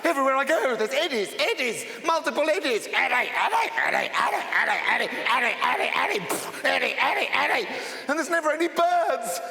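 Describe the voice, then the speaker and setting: A man playing a smug, lecherous, self-pitying character in live stage comedy, boastful and shouty. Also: very high voice, big pitch swings, brisk, vocal fry, hardly any pauses, a little hiss or hum, exaggerated voice. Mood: exasperated. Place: large theatre stage. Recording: echoey theatre hall, loud crowd. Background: loud live audience.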